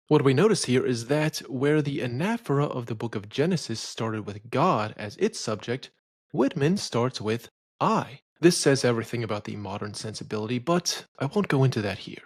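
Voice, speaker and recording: Male poetry lecturer, mid-pitched, opinionated and didactic, dry close recording. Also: animated, moderate pace, breathy edge, dry recording. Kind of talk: scripted educational narration.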